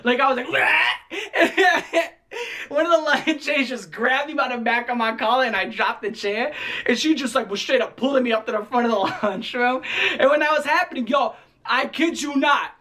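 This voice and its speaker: Young man, 20s, storytime vlogger, animated, slangy, cursing, bright tense voice. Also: extremely high pitch. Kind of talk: casual storytelling.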